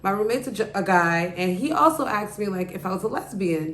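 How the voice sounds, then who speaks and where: With a brisk, expressive delivery and a fairly bright, medium-pitched voice, a woman tells a story on her podcast, rambling casually and sprinkling in plenty of "like" and "you know." The room has an echo.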